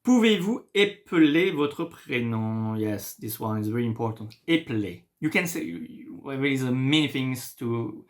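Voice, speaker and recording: A man's voice: medium pitch, normal speed, few pauses. French-accented man teaching a lesson. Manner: lively, encouraging, switches between French and English. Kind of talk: explaining a language lesson in English.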